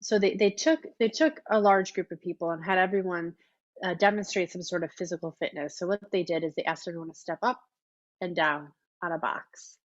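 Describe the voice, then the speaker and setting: A woman leading a long workshop, talking in a chatty, enthusiastic way with lots of fillers, her voice a little hoarse. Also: on the low side, steady tone, fairly quick, dry recording, muffled recording. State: slightly hoarse, losing her voice. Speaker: workshop leader. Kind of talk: teaching a live online workshop.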